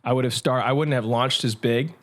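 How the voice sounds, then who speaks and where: A man who is a pastor, telling his story in an energetic, conversational interview. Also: medium pitch. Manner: energetic, quick, with restarts. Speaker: pastor and guest.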